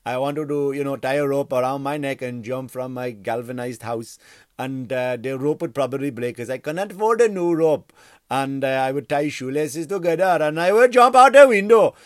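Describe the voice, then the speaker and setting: A man doing an earnest male fan with an Indian accent, pouring out a long hard-luck story in halting run-on sentences that lean a little louder. The voice is dry and close, with no room around it. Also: mid-range voice, no room sound, natural voice. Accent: Indian, put on.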